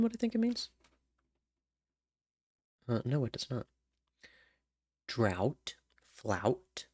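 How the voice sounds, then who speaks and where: A man mutters to himself at a computer, slow and halting as he works on song lyrics. Between tries he hums wordless tunes. His voice sits close and dry, with no room sound. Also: medium pitch, creaky, no echo. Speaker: songwriter. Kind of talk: thinking aloud while writing lyrics.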